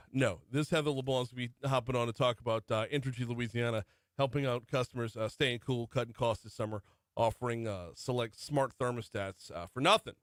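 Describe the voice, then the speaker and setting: A middle-aged man hosts morning talk radio from a studio, with an even, mid-range voice. He reads through the top stories but keeps breaking off into conversational asides. The sound is dry and close on the mic. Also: medium pitch, a little fast, dry recording. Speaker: radio morning show host. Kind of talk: talk radio news rundown. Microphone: studio microphone.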